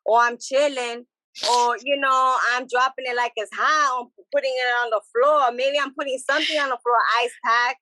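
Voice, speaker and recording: Lively bilingual woman, bright voice. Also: high voice, normal speed, a little hiss or hum, poor audio. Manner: animated, switches between English and Spanish, repeats phrases. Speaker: podcast guest. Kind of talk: casual chat.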